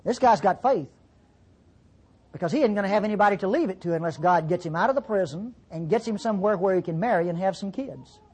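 A Bible teacher giving a folksy, conversational sermon-style lesson, acting out quotes with sudden pitch jumps. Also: animated, fast talker, darkish tone, husky, rough recording.

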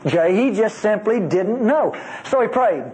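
Animated high-voiced preacher. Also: male voice, measured pace, a little hiss or hum, poor audio. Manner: animated, emphatic and folksy, with playful asides. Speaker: Bible teacher. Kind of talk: teaching sermon.

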